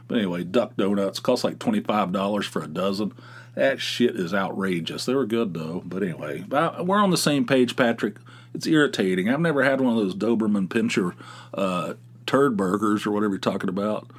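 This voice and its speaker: A middle-aged man hosting a casual podcast, ranting in an animated way with his voice jumping up when he gets worked up. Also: fairly low pitch, normal speed. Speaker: podcast host. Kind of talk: casual solo podcast monologue, responding to callers.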